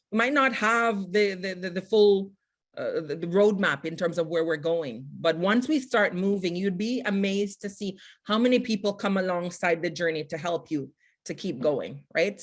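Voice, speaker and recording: A woman whose first language is Jamaican Patois speaks in a middle-range voice on a video call. She talks earnestly and haltingly, restarting her sentences often as she presents to a webinar audience. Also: mid-range voice. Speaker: guest speaker and poet.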